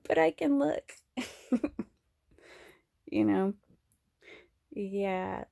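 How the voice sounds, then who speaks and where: A woman chats on camera from her home in a loose, rambling monologue, candid and profane, laughing often as she goes. Her mid-pitched voice carries a gravelly fry. The recording is close and dry, with no room sound. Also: drawn-out words, long pauses, darkish tone, no room sound. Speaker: vlogger.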